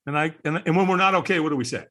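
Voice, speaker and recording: Rapid-fire and a bit bright, this male podcast guest has a fairly high pitch. He throws himself into an energetic story, performing the voices of the people he quotes.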